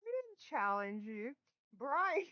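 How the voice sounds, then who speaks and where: A woman's voice: high voice, very animated, takes it slowly, no echo, muffled recording. A middle-aged woman hosting a casual live stream from home, chatting with viewers and often breaking into laughter, recorded on a laptop mic. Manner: giggly, bursts of laughter. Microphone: built-in laptop microphone.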